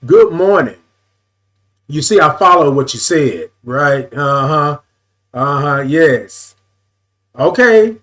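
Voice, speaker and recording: A man chats through a casual morning live stream, singing out long greetings to viewers by name and leaning heavily on "y'all." He repeats lines and repositions his camera as he goes. Expect a fairly high pitch, lively intonation and a fairly bright tone.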